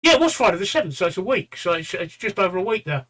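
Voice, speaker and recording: A man in his fifties or sixties chats on a livestream in a tired, rambling way. He stops and restarts often and lets the odd swear word slip, and his voice sits a little high for a man. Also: big pitch swings, quick pace, fairly bright tone. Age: 50s-60s. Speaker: livestream co-host. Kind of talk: casual chat.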